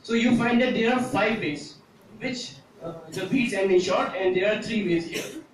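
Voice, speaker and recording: A man with a fairly high voice gives a presentation, pausing often with "uh" as he explains. He is picked up from a distance in a very echoey room. A faint noise sits behind him. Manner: hesitant, frequent "uh" fillers, explanatory. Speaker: student presenter. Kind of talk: classroom presentation.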